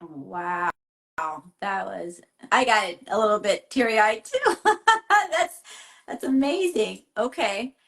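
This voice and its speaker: A woman's voice: medium pitch, expressive, slow, vocal fry. A woman hosting an interview, encouraging her guest and asking follow-up questions. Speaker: host. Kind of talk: conversational interview.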